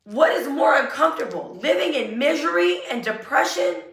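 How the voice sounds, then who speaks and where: A woman giving an earnest, emotional motivational talk, repeating affirmations slowly. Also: high voice, animated, fairly bright tone. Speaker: self-help vlogger. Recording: roomy echo, a bit far from mic.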